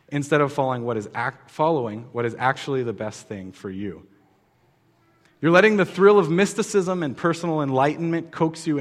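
Male pastor, casual teaching sermon, slightly high voice, chatty with restarts, reverberant hall. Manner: conversational, many fillers and restarts, asks the audience questions.

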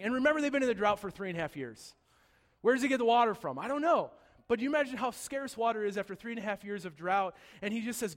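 A man preaching a sermon, retelling a story with humor and shifting from soft, serious moments to loud, excited ones. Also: high-pitched, fast, big-room sound. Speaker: pastor.

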